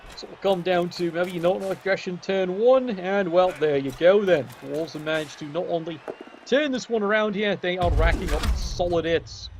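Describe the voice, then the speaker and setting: A man's voice: high-pitched, slight background noise. Wry man commenting on a game. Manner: wry, jokey, swears freely. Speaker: video game match commentator. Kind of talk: casual play-by-play commentary.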